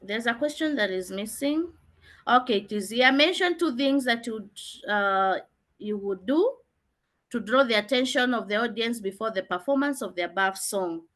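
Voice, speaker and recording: A woman's voice: a little high, lively intonation, moderate pace, a bit bright. A woman teaching an online revision lesson, patiently repeating key points so students get them.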